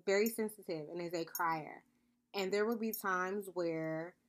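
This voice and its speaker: Earnest woman podcaster thinking aloud. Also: fairly low pitch. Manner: earnest, thinks aloud with frequent "right?" check-ins; calls listeners "beloved". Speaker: podcast host. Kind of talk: reflective podcast monologue.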